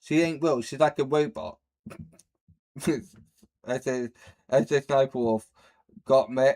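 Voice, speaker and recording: A man rambles through a loose reaction stream, swearing freely and tripping over his own words. His voice sits at an ordinary middle pitch, neither high nor low. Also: steady tone, slow pace, pauses often, warm tone. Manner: crude, rambling and laughing at his own slips. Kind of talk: casual reaction commentary.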